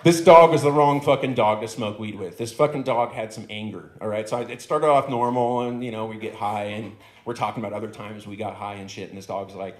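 Brief: male stand-up comic, rambling and profane, mid-pitched, echoey club sound. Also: fairly quick, few pauses. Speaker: stand-up comedian. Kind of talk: stand-up comedy storytelling. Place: comedy club stage. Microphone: handheld stage microphone.

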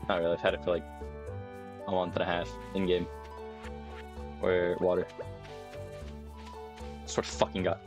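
Over music, a young man with a low, level voice talks at normal speed and pauses often. He's streaming a farming game on a desk mic with webcam, chatting casually, talking to himself, and cursing plenty.

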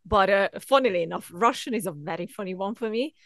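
A woman hosting a podcast, a native Hungarian speaker who chats loosely and laughs a lot. Her voice sits at an ordinary middle pitch. The sound is dry and close, with no room echo. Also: fast talker. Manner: laughs often, lively and frank. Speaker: podcast host. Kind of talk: casual chat.

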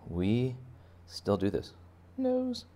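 A man's voice: medium pitch, huge pitch swings, extremely slow, warm tone. A man giving a playful, chatty step-by-step drawing lesson for kids. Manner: playful, chatty, talks to children directly. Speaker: art teacher.

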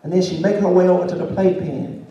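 A man's voice: high voice, fairly even intonation, quick pace, dull audio. A man preaching a sermon and telling a story, answered by a congregation. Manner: call-and-response preaching, rising to shouts. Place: church sanctuary. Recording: roomy church sound from far off.

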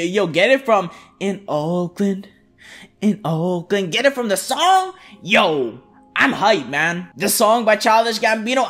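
A young man commenting on his own gameplay in loose slang, excitable and swearing constantly. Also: high voice. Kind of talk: casual let's-play commentary.

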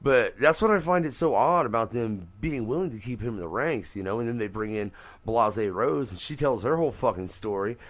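A man hosting an uncensored podcast radio show in relaxed, profane conversation. His voice moves lively up and down and spikes high whenever something excites him. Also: a little fast, hardly any pauses. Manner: animated, swears freely, pitch jumps when excited. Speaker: podcast host. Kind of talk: casual profane radio chat.

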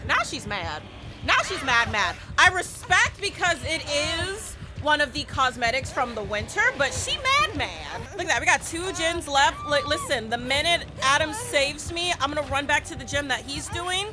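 A woman streamer giving casual commentary while she plays, talking to her teammates and repeating phrases in quick bursts. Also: high voice, animated, a loud crowd. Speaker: streamer playing a horror game. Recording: game music behind voice.

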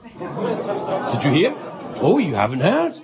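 Male talk show host, comedy monologue, high lively voice, dull broadcast sound, roaring studio audience. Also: takes it slowly, crowd noise. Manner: playful, mock-outraged, swings between shouts and mutters.

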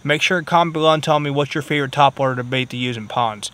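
A man talks casually to his viewers while fishing outside by a pond, easygoing and chatty, with a middle-pitched voice. His delivery is loose, full of ums and uhs. Faint music and crickets sit behind him. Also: fast talker, sharp tone. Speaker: fishing vlogger. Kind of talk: casual vlog talk to viewers. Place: outdoors by a pond.

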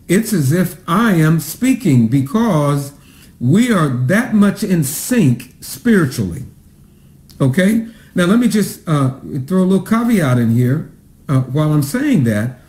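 A man preaching a sermon as a pastor, drawing out key words slowly for emphasis. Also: sits high, lively intonation, darkish tone. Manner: preaching with slow, drawn-out emphasis; greets online viewers by name. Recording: echoey room sound.

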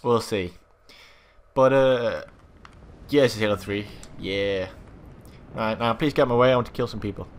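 A young man commentating his own gameplay, swearing freely, yelling at other players and boasting in jest. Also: on the low side, moderate pace. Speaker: gaming channel host.

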